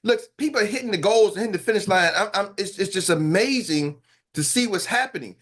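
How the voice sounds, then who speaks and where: A man hosting a morning sales-training call as coach, talking in an animated, hyped and slangy way with quick asides. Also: high-pitched. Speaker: sales coach and show host. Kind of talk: energetic motivational team talk.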